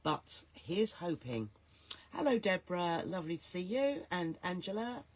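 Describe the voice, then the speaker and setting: Hoarse woman with a cold. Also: on the low side, sing-song, measured pace, dry recording. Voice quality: soft, growly, gruff. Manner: chatty, stops often to greet viewers by name. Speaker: host. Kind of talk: live-stream chat greeting viewers.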